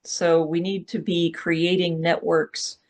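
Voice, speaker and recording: Gravelly-voiced speaker urging action. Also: medium pitch, flat delivery, takes it slowly. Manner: direct and urging, checks in with "right?" and "okay?". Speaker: workshop speaker. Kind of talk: live public talk.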